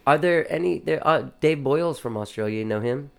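A man's voice: a little high, animated, fairly quick, creaky. A man hosting a casual conversation. He asks questions in a loose, joking way and teases his guest along the way. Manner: joking, teasing. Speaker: podcast host. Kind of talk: casual chat.

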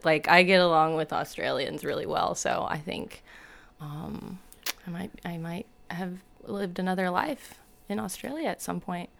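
A woman chatting as a guest, her voice sitting low with a gravelly fry in it. She giggles often and rambles through her sentences with plenty of ums. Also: a little slow, fairly bright tone. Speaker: artist and musician guest. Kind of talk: casual chat.

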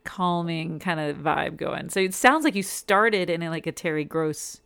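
A woman's voice: on the low side, a little slow, vocal fry, fairly bright tone, clean tone. A young adult woman, a radio DJ, talking as a chatty guest in a casual interview. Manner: chatty, self-described talker.

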